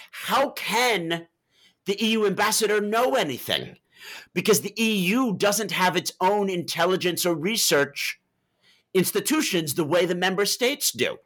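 A man who wrote a book on Libya, answering interview questions and telling stories to explain his points. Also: high-pitched. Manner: animated storytelling with vivid asides. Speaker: author and Libya analyst.

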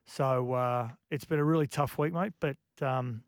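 A man, a radio guest, talking in a halting, reflective way with many restarts. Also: medium pitch, fairly even intonation, smooth, no echo, studio quality. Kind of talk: casual radio chat.

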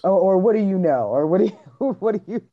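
A woman's voice: mid-range voice, expressive, quick pace, lo-fi sound. A woman hosting a podcast in casual chat, blunt and profane, laughing often. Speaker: podcast host.

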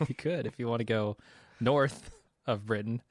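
A man's voice: medium pitch, normal speed, dry recording, clean studio sound. A man co-hosting a casual film review podcast, wry and opinionated. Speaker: podcast co-host. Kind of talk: casual movie review chat.

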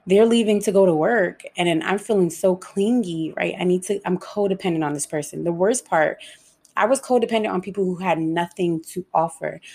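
A young woman talks openly about her own life in a low, husky voice roughened by a gravelly fry. Her delivery is frank and emotional, with casual swearing and a pace that rushes and then slows. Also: darkish tone. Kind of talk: candid personal monologue.

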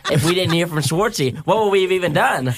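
A man's voice: sits high, fast. A man co-hosting a radio show, chatting casually in a teasing, incredulous way. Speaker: radio co-host. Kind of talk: casual chat.

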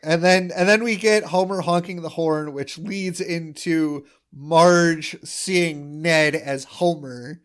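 A man's voice: on the high side, slow pace, hardly any pauses. A man co-hosting a podcast in casual chat, acting out quoted lines as he recaps a cartoon episode. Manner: animated, acts out quoted lines. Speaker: podcast co-host.

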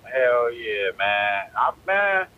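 A man's voice: medium pitch, big pitch swings, very slow. A man calling into a podcast from his car, chatting casually in a laid-back, profane, rambling way. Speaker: guest calling in. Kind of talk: casual phone chat. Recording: muffled phone call with faint noise.

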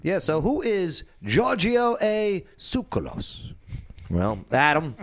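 Lively, blunt male radio host. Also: sits high, slow pace. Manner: animated, blunt and joking. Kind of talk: casual talk radio banter.

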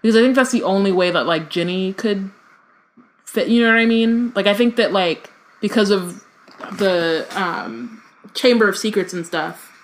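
A woman's voice: medium pitch, normal speed. Woman reading aloud with fillers. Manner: reads with many fillers and self-corrections. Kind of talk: reading aloud and casual chat.

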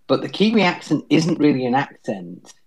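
A man's voice: fairly high pitch, sing-song, normal speed, breathy edge, rough recording. A man in his fifties with a British accent, a pastor speaking hesitantly in a conversational interview with many restarts. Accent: British English. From England. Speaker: staff pastor.

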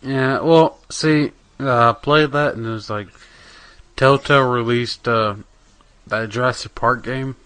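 Rambling young man, bright voice. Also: medium pitch, a little slow, clean tone, dry recording. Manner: rambling, profane, many fillers. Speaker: podcast co-host. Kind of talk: casual gaming chat.

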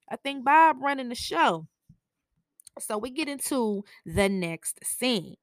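A woman's voice: high-pitched, slow, no echo, clean studio sound. A woman podcaster recapping a TV episode in a casual, opinionated and slangy way, often laughing. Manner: chatty, opinionated, slangy, laughs at her own jokes.

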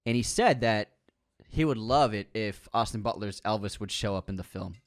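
A man's voice: lowish voice, normal speed. A man co-hosting a casual film-news podcast chat, joking and laughing often. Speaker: podcast co-host.

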